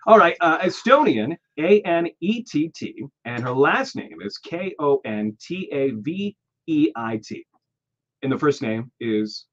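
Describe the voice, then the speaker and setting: A man's voice: a little high, very animated, a little slow, a bit bright. A man hosting a casual radio segment, upbeat, spelling words out letter by letter. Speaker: radio show host. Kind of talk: casual on-air chat. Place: radio studio. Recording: slightly muffled studio audio.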